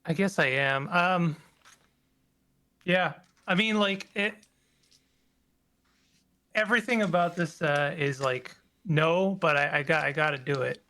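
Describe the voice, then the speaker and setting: A man playing in a tabletop game, thinking aloud in a halting way with many restarts. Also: on the high side, bright, forceful tone. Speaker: player. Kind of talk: casual tabletop play.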